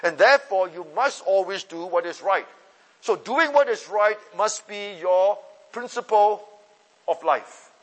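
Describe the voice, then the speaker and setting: A man with a high voice preaches a sermon with force, repeating his phrases and moving from loud calls to soft asides. His words ring out with a long reverb, as if he were in a large hall. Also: expressive, a little slow.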